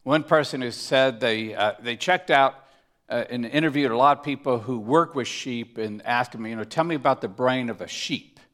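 A man preaching a sermon, emphatic, moving between loud stresses and hushed asides, often asking his listeners rhetorical questions. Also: medium pitch, normal speed. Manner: asks the congregation rhetorical questions. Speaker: pastor.

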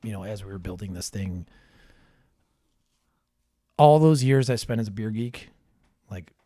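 A man's voice: fairly low pitch, lively intonation, unhurried, warm tone. A man in his thirties chatting casually as a podcast guest, loose and profane, full of fillers and restarts. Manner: laid-back, heavy swearing, lots of fillers. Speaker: brewery owner guest.

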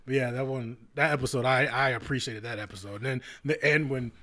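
A man's voice: steady tone, fairly quick, bright, forceful tone. A man co-hosting a podcast, chatting casually, rambling and laughing often. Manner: laid-back, rambling, laughs often, quotes cartoon lines in a high put-on voice. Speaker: podcast co-host. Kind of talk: casual chat.

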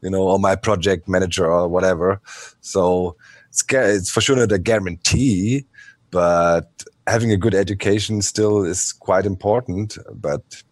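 A low-voiced man talking on a podcast, heard close and dry. He gives his view in a thoughtful, easygoing way and is quick to laugh. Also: fairly even intonation, no echo. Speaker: podcast co-host. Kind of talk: casual podcast chat.

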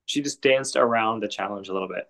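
A man's voice: on the low side, fast, vocal fry, bright, forceful tone. A man appearing as a guest on a podcast, chatting casually and giving short, easygoing replies. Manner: easygoing, brief agreeable replies. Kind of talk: casual chat.

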